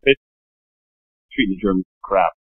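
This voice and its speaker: As a podcast guest, a man tells stories casually and ramblingly, peppering them with "you know." His low, slightly rough voice moves at normal speed, and the recording is dry, with a narrow, phone-like sound and no room sound.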